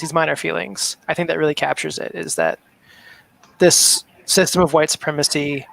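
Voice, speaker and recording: Gravelly man with a higher voice. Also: fairly bright tone, rough recording. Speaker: book club member. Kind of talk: casual discussion.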